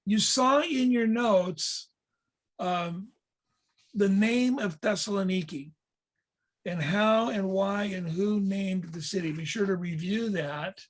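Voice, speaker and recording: A man leading a Bible history lesson, explaining pictures in a measured way with frequent fillers and restarts. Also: high-pitched. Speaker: tour leader and teacher.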